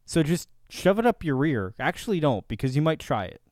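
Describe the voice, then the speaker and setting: Guy doing a sarcastic reaction rant, combative, dead dry close mic, goes loud then mutters. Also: on the high side, sing-song, a little fast, no echo. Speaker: reaction video host. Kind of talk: ranting reaction commentary.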